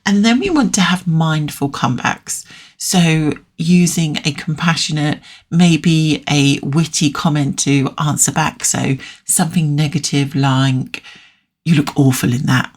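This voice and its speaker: Woman, podcast coach, low voice, chatty and candid. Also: measured pace. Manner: chatty and frank, with fillers and self-corrections. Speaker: life coach, podcast host. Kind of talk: solo podcast talk.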